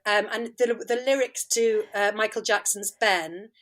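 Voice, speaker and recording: A woman's voice: medium pitch, measured pace. A middle-aged woman guest on a casual podcast, telling an anecdote with lots of laughter and acted-out quotes. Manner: animated storyteller, laughs often, acts out quotes. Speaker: guest, comedy writer and actor.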